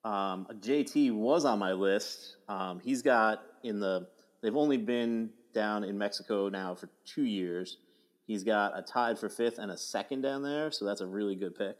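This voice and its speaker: A man co-hosting a casual golf podcast, speaking in a low-key way with frequent ums and hesitations. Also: a little slow. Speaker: podcast co-host. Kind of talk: casual chat.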